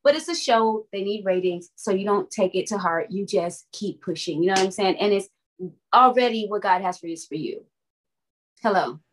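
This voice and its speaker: A woman singer from Florida, telling lively, dramatic stories in an interview and calling the listener "honey". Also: medium pitch, moderate pace, slight background noise. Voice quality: expressive, calls the listener "honey". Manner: lively, dramatic, laughs often. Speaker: singer and guest. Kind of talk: animated interview storytelling.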